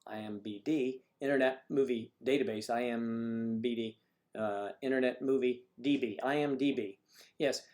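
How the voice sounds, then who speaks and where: A man's voice: mid-range voice, fairly even intonation, normal speed, darkish tone. A man hosting a casual livestream chat with viewers, rambling and joking with lots of fillers.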